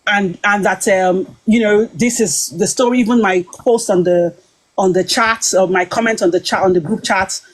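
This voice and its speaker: A British woman recounting a dispute in an animated, casual account, quoting herself and others with frequent restarts. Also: medium pitch, moderate pace, poor audio. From Britain.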